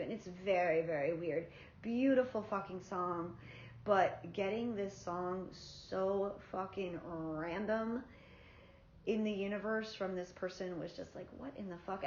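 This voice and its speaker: A woman vlogger from South Florida telling a personal story in a candid, profane, animated way. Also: mid-range voice, slight background noise. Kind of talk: casual storytelling. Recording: roomy, slightly dull sound.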